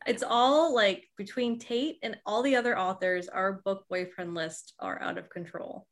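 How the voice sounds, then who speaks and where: A woman's voice: medium pitch, steady tone, a little slow. A woman co-hosting a casual chat show, playful and giggly. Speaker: podcast co-host.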